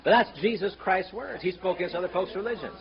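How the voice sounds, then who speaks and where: A man preaching a fiery sermon, sarcastic and mocking, rising to shouts when he quotes scripture. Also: sits high, fast talker. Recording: muffled, slightly noisy sermon recording.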